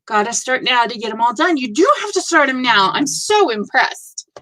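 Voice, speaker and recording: A woman in her fifties hosting a casual live stream, gushing warmly over viewers' work with effusive reactions. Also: on the high side, very animated, moderate pace, a little hiss or hum. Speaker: host of a live stitching show.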